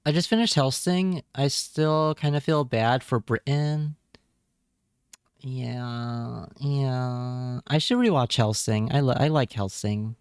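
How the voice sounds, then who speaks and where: 男性配信者、クリアで乾いた声. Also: male voice, mid-range voice, takes it slowly, clean tone, no echo, studio quality. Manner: wry, talks to chat, repeats words when reacting. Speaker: streamer. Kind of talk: casual live-stream chat.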